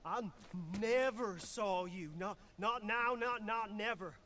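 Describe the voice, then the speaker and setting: Jimmy Brooks, a shaky, pleading stranger. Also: male voice, sits high, slow, sharp tone, a little hiss or hum, exaggerated voice. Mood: stammering. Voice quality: shaky, stammering. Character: frightened, pleading male stranger in trouble. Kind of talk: video game voice acting.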